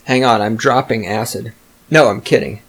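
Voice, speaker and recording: A man's voice: mid-range voice, moderate pace, a bit bright. A man hosting a solo podcast, ranting in a profane, sarcastic way. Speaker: podcast host. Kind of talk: solo rant monologue.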